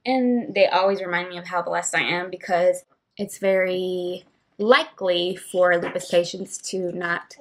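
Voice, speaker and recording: Young woman sharing a candid vlog story. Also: on the low side. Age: young adult. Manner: candid, switches between English and Spanish mid-sentence; emotional, emphatic retelling. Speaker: vlogger.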